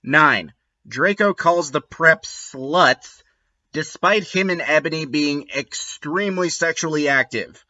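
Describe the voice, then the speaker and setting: A man giving comedic commentary with sarcastic, wry asides. His delivery is slow and unhurried, with a very bright, sharp tone. The recording sounds dull and lo-fi. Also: on the high side. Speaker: host reading and mocking a fanfiction.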